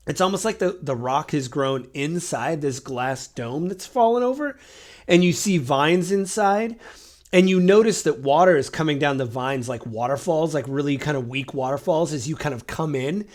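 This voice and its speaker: A man narrating a tabletop game as game master, in a loose, rambling way full of fillers. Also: fairly high pitch.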